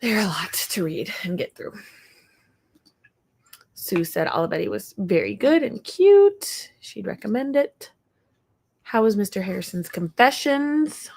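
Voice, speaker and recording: A young woman talks slowly and easily, hosting a casual livestream from home. She rambles along with viewers in a mid-range voice and breaks off now and then to talk to her dog. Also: mid-range voice, sing-song, vocal fry, darkish tone, husky. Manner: chatty and rambling, talking to her dog in between. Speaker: livestream host.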